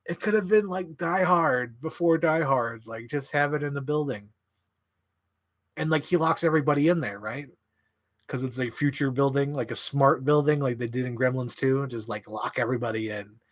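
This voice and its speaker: A man in an excited, rambling monologue, swearing freely and filling his talk with "like". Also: medium pitch, moderate pace. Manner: enthusiastic, profane, filler-heavy. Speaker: channel host.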